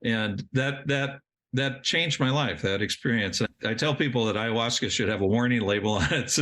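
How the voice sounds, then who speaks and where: At a normal speed, a middle-aged man with a medium-pitched, fairly bright voice rambles through a long personal story as a podcast guest. The interview storytelling is marked by sentence restarts and self-directed laughter.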